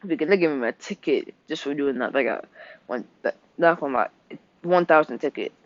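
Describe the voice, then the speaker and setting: A man casually retelling an anime plot, halting and rambling with many ums and restarts. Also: fairly high pitch, fairly bright tone, no room sound. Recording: dull dry home recording.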